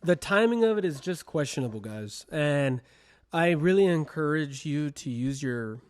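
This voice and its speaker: A man's voice: on the high side, expressive, normal speed. A young man co-hosting a casual podcast, earnestly urging listeners to think for themselves. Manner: earnest, addresses listeners directly. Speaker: podcast co-host.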